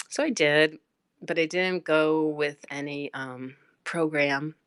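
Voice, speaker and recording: Blunt low-voiced New woman. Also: moderate pace. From New York. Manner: blunt, animated, emphatic storytelling. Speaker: livestreamer. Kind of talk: casual personal storytelling.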